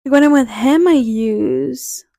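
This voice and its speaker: A woman's voice: sits high, takes it slowly, creaky, mellow, no echo, clean studio sound. A young woman in her twenties hosting a podcast, telling casual rambling stories full of "like" and acted-out quotes. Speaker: podcast host. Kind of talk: casual storytelling monologue.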